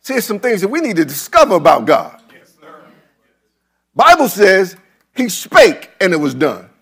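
High, lively preaching pastor. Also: male voice, a little slow, gravelly, breathy edge. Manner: preaches in rising chants and shouts, repeating phrases. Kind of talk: sermon.

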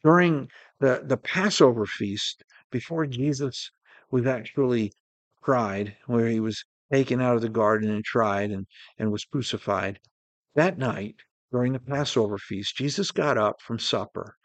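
A man preaching a sermon in an earnest way, slowing down to stress key words. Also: mid-range voice, no room sound.

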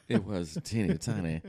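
A man's voice: deep voice, creaky, a little mellow. A man co-hosting a casual podcast, telling profane stories and often breaking into laughter. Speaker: podcast co-host. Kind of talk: casual storytelling.

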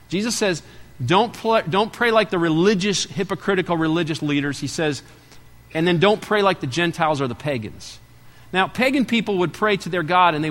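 Pastor, middle-aged man, slightly high voice, animated sermon delivery, long hall reverb. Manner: animated storytelling, swings from loud to hushed.

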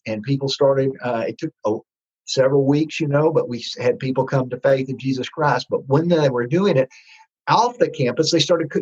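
Husky man telling his testimony. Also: a little high, muffled recording. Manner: rambling, with many restarts and fillers. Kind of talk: storytelling testimony.

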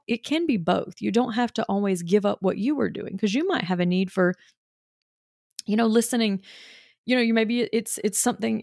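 A woman coaching other mothers in a relaxed, chatty way, stacking up everyday examples and slipping in quick impressions of kids and moms. Her mid-range voice has a gravelly, fried edge. The sound is close and dry, with no room around it. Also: mid-range voice, no echo. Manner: chatty, full of examples, frequent "you know" fillers; acts out what a child or mother might say. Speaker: parenting mentor for mothers. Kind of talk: casual teaching talk.

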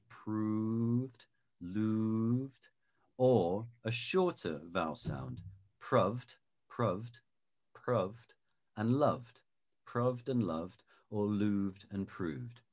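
A man talking as an expert guest in a video-call interview, explaining in a thoughtful, measured way and demonstrating sounds. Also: fairly low pitch. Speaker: guest expert on Shakespeare pronunciation.

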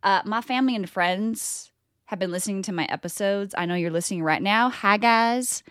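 A woman's voice: medium pitch, moderate pace, fairly bright tone, no echo, clean studio sound. A middle-aged woman from California hosting her own podcast, talking in a bubbly, chatty way with laughs. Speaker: podcast host. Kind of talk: casual solo podcast monologue.

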